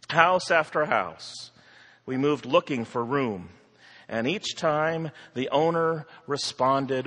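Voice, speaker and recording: Husky, expressive male storyteller. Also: mid-range voice. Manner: expressive and theatrical. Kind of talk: rhyming story narration. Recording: long hall reverb.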